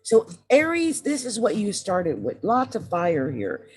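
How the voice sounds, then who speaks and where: A woman's voice: mid-range voice, wildly swooping pitch, unhurried, darkish tone, faint music behind. A woman giving a casual tarot reading, chatty and emphatic, often repeating the sign's name, her voice dry. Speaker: tarot reader and astrologer.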